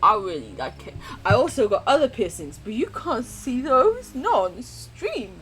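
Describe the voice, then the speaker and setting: A woman's voice: on the high side, very animated, normal speed, a bit bright. A woman live streamer chatting casually with her viewers while gaming, swearing freely and gushing affection.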